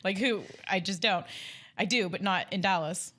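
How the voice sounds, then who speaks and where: A woman in her thirties co-hosting a podcast in casual chat, talkative and quick to laugh. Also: medium pitch, a bit bright. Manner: chatty, laughs easily, short backchannel replies. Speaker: podcast co-host.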